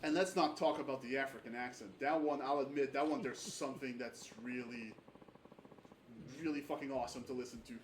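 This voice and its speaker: A man's voice: medium pitch, steady tone, a little fast. A man streaming a game with a friend, chatting casually, rambling with many fillers and swearing freely. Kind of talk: casual gaming chat. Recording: roomy echo, distant mic, faint background noise.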